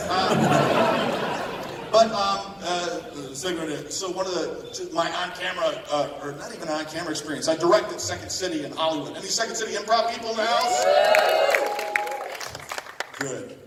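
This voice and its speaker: A man's voice: high-pitched, heavy background noise. A man, a voice actor on a convention panel, telling rambling, chatty anecdotes with bits of laughter. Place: large convention panel room. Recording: echoey hall recorded from far off.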